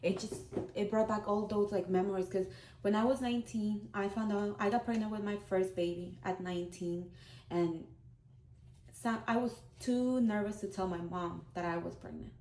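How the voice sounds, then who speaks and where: A woman's voice: mid-range voice, normal speed, dark tone, a little hiss or hum. A woman in her thirties, a vlogger, telling a personal story in a candid, heartfelt, conversational way. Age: 30s. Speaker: vlogger, single mom. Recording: roomy echo.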